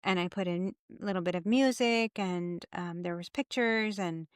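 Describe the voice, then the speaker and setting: A middle-aged woman hosting a casual podcast, telling a story with animated energy and acting out her own past frustration. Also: on the low side, normal speed, clear, resonant tone, dry recording, clean studio sound. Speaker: podcast host, health coach.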